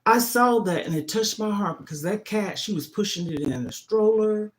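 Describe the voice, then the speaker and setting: A woman's voice: medium pitch, expressive, moderate pace. A middle-aged woman hosting a casual livestream, talking emphatically and often checking in with "okay?". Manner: emphatic, keeps asking "okay?". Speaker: livestream host.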